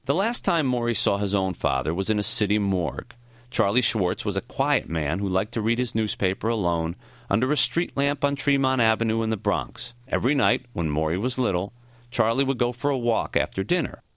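A man narrating a first-person memoir audiobook in a reflective, measured way. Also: fairly low pitch, expressive, fairly bright tone, dry recording.

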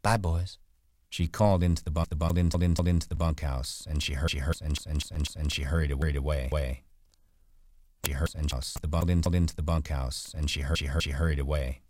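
A man reading a novel aloud in a steady, low-key delivery, voicing the characters himself. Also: fast, no room sound. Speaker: audiobook narrator. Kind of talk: storybook reading.

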